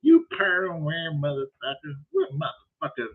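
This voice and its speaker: A man's voice: on the high side, wildly swooping pitch. A man putting on a sneering prank caller. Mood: taunting. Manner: slow, sneering insults. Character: rude, taunting adult male prank caller. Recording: phone-like lo-fi audio.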